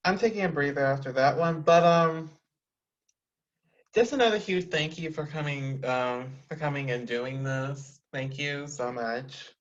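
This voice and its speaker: Enthusiastic casual host, mid-pitch, muffled lo-fi recording. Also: a little slow. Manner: enthusiastic, effusive praise. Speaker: podcast host. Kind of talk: casual interview chat.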